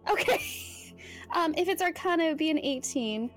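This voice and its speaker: A woman's voice: very high-pitched, expressive, normal speed, faint music behind. A woman playing a tabletop game, partly in character, chatty and giggly. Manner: chatty, giggly, slips into a put-on accent. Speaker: player.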